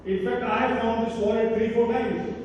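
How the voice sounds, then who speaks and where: A man's voice: very high-pitched, fairly even intonation, normal speed, a little mellow, slight background noise, voice pushed up. A man voicing a helpful, matter-of-fact male security guard while telling a story. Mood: curious, informative. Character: friendly male security guard, middle-aged. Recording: echoey hall from far, dull sound.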